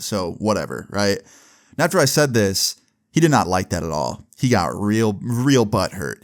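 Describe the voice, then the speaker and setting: A young man casually telling a story to camera, exasperated and swearing freely. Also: on the low side. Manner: profane, exasperated retelling. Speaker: storytelling vlogger.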